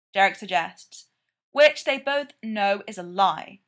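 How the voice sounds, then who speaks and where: Woman narrator, slow and measured story reading. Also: mid-range voice, animated. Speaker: reader of fan fiction.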